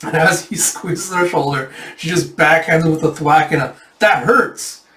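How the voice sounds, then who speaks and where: A man retelling a manga volume in a casual readthrough, animated and often laughing. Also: fairly high pitch, moderate pace, roomy sound, recorded from a distance, slight background noise. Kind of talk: casual comic-book readthrough.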